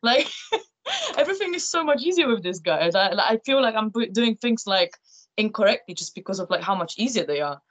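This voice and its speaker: A woman's voice: a little high, very animated, fairly quick. A young woman, a guest on a podcast, chatting in an easygoing way. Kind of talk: casual chat.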